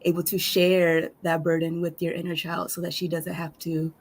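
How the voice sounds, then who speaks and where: A woman speaking as a guest speaker, hesitant and soft-spoken with many fillers. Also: on the low side, completely flat delivery, normal speed, slight background noise. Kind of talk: slow reflective talk.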